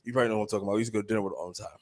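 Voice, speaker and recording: A man co-hosting a podcast in casual chat, telling stories loudly and swearing a lot. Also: on the low side, racing. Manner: loud, animated storytelling, swears a lot. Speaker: podcast co-host.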